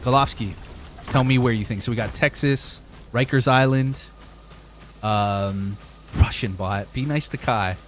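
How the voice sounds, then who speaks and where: A man's voice: medium pitch, measured pace, slight background noise. Rambling, swearing streamer man from Canada. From Northern Ontario, Canada. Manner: rambling, argumentative, swears freely. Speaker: game streamer. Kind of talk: casual chat with stream viewers.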